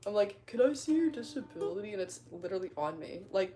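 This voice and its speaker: A woman's voice: medium pitch, lively intonation, fairly quick, warm tone. Laughing, swearing woman chatting on stream. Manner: laughs often, swears freely, rambling and self-deprecating. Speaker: livestreamer reading chat comments. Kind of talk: casual livestream chat.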